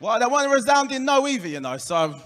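This fast-talking male comedian from England has an Essex accent and a high, bright voice, doing a stand-up set on a comedy club stage for a live audience. He delivers punchlines deadpan, works the crowd and voices quoted people, with the reverberant club adding a long tail.

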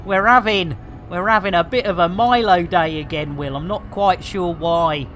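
A man's voice: sits high, normal speed, fairly bright tone, slight background noise. A middle-aged British man giving chatty, exclamatory commentary on a live game stream, full of playful catchphrases. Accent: British English. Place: home room with air conditioning.

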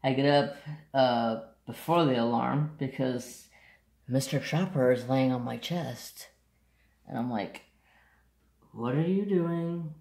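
A man's voice: medium pitch, fairly even intonation, measured pace, gravelly, a little mellow, echoey room. A man chatting casually to camera, telling a rambling story and sidetracking often, with blunt, offhand asides. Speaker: craft vlogger.

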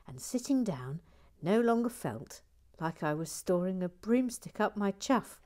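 A woman hosting a casual livestream, reading viewer comments in a playful, chatty way and dropping into quiet muttered asides. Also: on the low side, big pitch swings, unhurried. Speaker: livestream host building a toy set.

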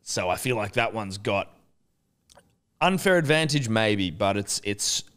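A man in his thirties with an Australian accent, co-hosting a podcast in casual chat, a lively storyteller who swears freely. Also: on the low side, measured pace. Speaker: podcast co-host.

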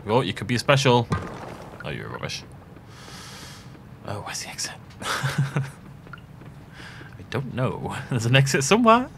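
A man's voice: medium pitch, huge pitch swings, measured pace, vocal fry, long pauses, noisy background. A man giving chatty let's play commentary, thinking aloud and laughing often as he plays. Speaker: gaming channel host.

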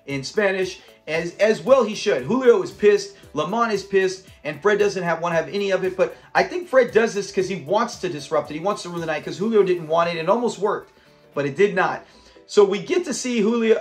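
Chatty, high-voiced man recapping a sitcom. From Southern California. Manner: chatty, laughs often, acts out quoted lines. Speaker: host of a sitcom review channel. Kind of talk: casual episode recap and reaction.

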